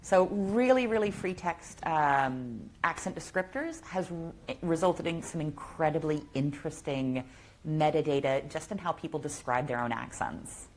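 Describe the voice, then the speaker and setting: A woman speaking at a tech conference, answering audience questions in an eager, quick and chatty way. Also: low voice, lively intonation, darkish tone, a little hiss or hum.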